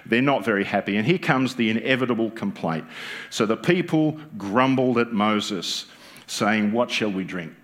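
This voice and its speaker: Australian pastor preaching a conversational sermon. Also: male voice, lowish voice, moderate pace, a bit bright. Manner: conversational, jokes with the congregation, asks rhetorical questions. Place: church.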